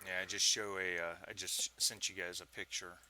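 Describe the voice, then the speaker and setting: A man running a tabletop game as game master, narrating with relaxed ums and chuckles. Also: sits low, moderate pace, crowd noise.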